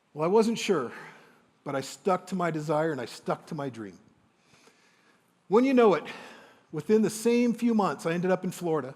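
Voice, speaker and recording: A man telling a motivational sales story on stage to a live audience, animated and enthusiastic, acting out the dialogue. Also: high-pitched, normal speed, long pauses. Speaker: motivational speaker and sales coach. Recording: long hall reverb.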